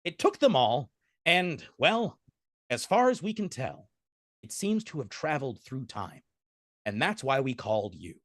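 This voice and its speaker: A man's voice: mid-range voice, sing-song, measured pace, fairly bright tone, dry recording, studio quality. A man voicing a distraught, glitchy android-animal hybrid scientist with a chittering, fussy, apologetic manner.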